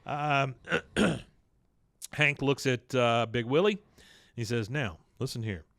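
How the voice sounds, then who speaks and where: A man co-hosting a podcast, casually retelling a cartoon episode and jumping into quick voices for the characters. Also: medium pitch, no echo, clean studio sound. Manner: animated, acts out characters' lines in quick put-on voices. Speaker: podcast co-host recapping an episode.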